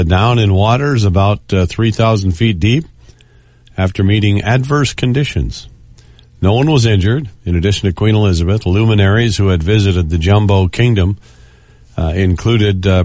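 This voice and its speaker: A male co-host reading strange news stories in a relaxed, unhurried way, pausing with uh now and then. His voice sits on the lower side, and the studio sound is close and dry. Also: no room sound. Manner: relaxed, fills with uh. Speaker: radio co-host. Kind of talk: reading news items casually.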